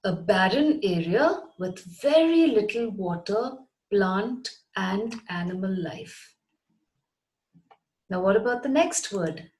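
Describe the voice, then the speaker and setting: A woman gives a scripted lesson to her channel's viewers. She talks at an unhurried pace and spells words out letter by letter. Her pitch sits in a middle range. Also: lively intonation, a little mellow, poor audio. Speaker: English teacher.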